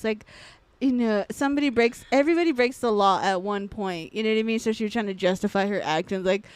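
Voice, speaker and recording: A woman with a fairly high voice co-hosts a podcast in loose, casual chat. She tells stories full of profanity and breaks into laughter often. The sound is dry and close. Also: a little fast, clean tone, no room sound. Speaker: podcast co-host.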